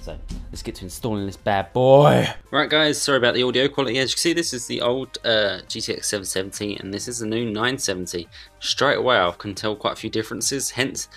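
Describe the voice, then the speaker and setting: A man's voice: medium pitch, brisk, few pauses, fairly bright tone, soft background music. Chatty swearing man. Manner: chatty, irreverent, swears casually. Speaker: hardware reviewer. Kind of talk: casual unboxing chat. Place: bedroom at home under a studio light.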